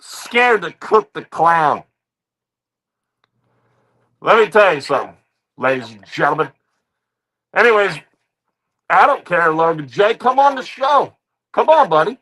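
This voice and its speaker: Hosting a reaction stream, a man with a slightly high, sing-song voice mocks people in a rant at a measured pace, pausing often. "Ladies and gentlemen" comes up over and over as his catchphrase. The recording is low quality.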